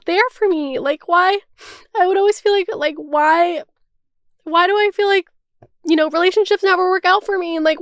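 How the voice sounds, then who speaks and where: A woman's voice: sits high, a bit bright, no room sound, studio quality. A woman in her twenties hosting a podcast, chatting candidly and emotionally, rambling with constant "like" fillers and casual swearing. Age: 20s. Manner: rambling, fills with "like", swears freely. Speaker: podcast host. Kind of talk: casual chat.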